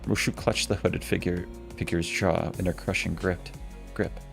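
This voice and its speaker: Deep, gravelly-voiced male streamer. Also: steady tone, normal speed, music in the background. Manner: reads the story aloud, restarting stumbled words. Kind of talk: reading game story text aloud.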